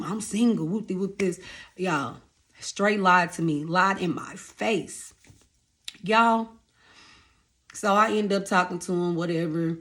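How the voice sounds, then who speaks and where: A young woman, casually telling her life story to her viewers, animated and repeating phrases for emphasis. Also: fairly low pitch.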